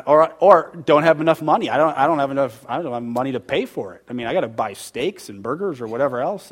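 Guy preaching to a church group, chatty and worked up, keeps asking the crowd stuff. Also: a little high. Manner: conversational and emphatic, quizzing the audience; gets heated and emotional. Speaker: church teacher leading a group. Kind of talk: interactive sermon.

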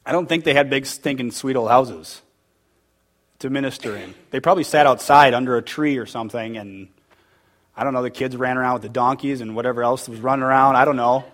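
A man leading a church group in a conversational sermon, tossing questions out to the room and pressing his points with rising emphasis. His pitch sits in an ordinary middle range, and he turns heated at times. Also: fairly quick, fairly bright tone. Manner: conversational and emphatic, quizzing the audience; gets heated and emotional. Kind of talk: interactive sermon.

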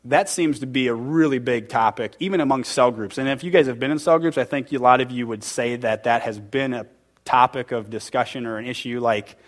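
A man leading a church group in a conversational sermon, tossing questions out to the room and pressing his points with rising emphasis. His pitch sits in an ordinary middle range, and he turns heated at times. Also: brisk. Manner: conversational and emphatic, quizzing the audience; gets heated and emotional. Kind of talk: interactive sermon.

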